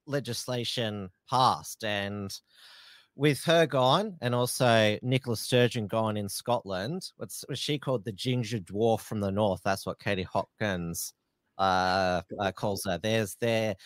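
A man co-hosting a political chat, speaking haltingly with fillers and restarts. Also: fairly low pitch, a bit bright, no echo.

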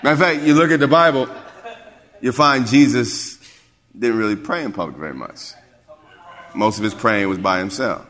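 A man's voice: medium pitch, normal speed, pauses often, a bit bright. A man, a pastor, preaching a sermon to his church, building to emphatic calls and asking the congregation if they hear him. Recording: long reverb of a large hall.

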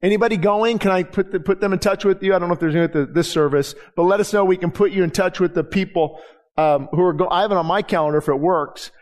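This middle-aged man's voice sits high and stays steady, a little mellow, and he talks fast. He is a pastor giving a chatty sermon, voicing the dialogue in his stories himself.

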